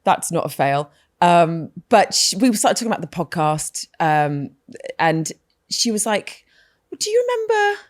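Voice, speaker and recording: A woman with a lowish voice, talking on a casual podcast. Her pitch moves a lot, and she tells stories expressively, laughing often. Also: expressive, a little slow, no echo, studio quality. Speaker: podcast co-host. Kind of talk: casual chat.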